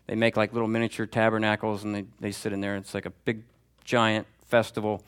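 A man's voice: on the low side, completely flat delivery, a little fast, a bit bright, smooth. A man preaching a sermon as pastor, in a conversational, emphatic style that repeats key phrases.

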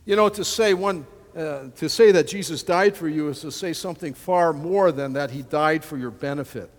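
A man preaching a sermon in an emphatic, animated way with frequent restarts. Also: a little high, moderate pace. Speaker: pastor. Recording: long hall reverb.

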